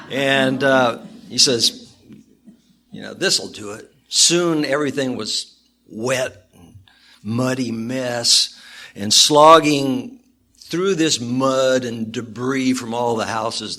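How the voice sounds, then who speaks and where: A male minister preaching a sermon to a congregation with animated storytelling and emphatic repetition. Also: mid-range voice. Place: church with congregation.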